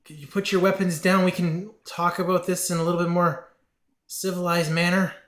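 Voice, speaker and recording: A terrified old dwarf with a bushy white beard, played by a man for a tabletop game, begging in a raised, quavering pitch. He sounds loud and afraid. The room echoes around him. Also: flat delivery, a little fast. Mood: pleading. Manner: pleading, high and frightened.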